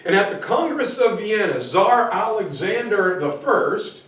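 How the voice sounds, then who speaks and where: Male history teacher, higher voice, unhurried, roomy classroom sound from a distant mic. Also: big pitch swings, fairly bright tone. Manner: chatty, informal, jokey asides. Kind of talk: casual classroom lecture. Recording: echoey room, mic far off.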